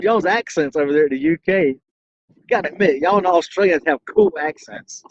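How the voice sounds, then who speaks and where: Southern georgia guy rambling to his stream from the truck, kinda high voice, dry muffled lo-fi sound. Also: moderate pace, no echo. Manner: folksy, says y'all a lot, laughs easily. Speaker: trucker livestream host. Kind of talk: casual live-stream chat to viewers.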